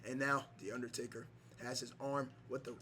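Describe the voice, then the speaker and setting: A man giving mock wrestling play-by-play over a video game, excitable, with many fillers and shouts on big moves. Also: medium pitch, brisk, a little hiss or hum. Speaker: gameplay commentator.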